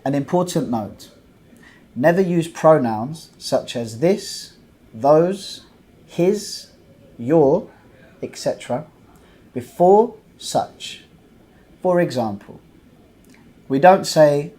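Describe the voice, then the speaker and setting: A man teaching an English grammar lesson, explaining points slowly and patiently, with many example sentences. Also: fairly high pitch, lively intonation, dark tone.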